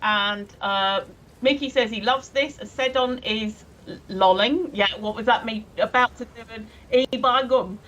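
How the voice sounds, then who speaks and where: A woman's voice: a little high, measured pace, a bit bright, lo-fi sound. A woman co-hosting a casual live stream, giggling often as she reads viewers' messages aloud. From England. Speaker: stream co-host.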